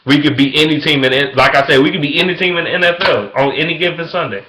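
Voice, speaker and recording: Young man with a bright, forceful voice, profane and repetitive, in a casual sports rant recorded in an echoey room. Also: quick pace. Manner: swings from loud excitement to low mutters. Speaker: vlogger.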